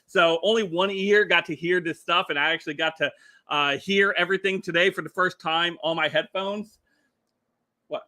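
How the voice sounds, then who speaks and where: Middle-aged male streamer, bright and forceful tone, loose rambling delivery with chuckles. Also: high voice, fairly even intonation, moderate pace. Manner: rambling, chuckling, many filler words. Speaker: livestream commentary host. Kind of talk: casual political commentary stream.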